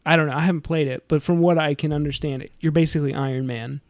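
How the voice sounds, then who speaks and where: A man with a fairly high voice chats loosely on a film review podcast. He giggles and rambles, filling gaps as he goes. The sound is dry and close. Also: fairly even intonation, fast talker, a little mellow, dry recording. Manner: giggly, rambling, many fillers. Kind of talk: casual chat.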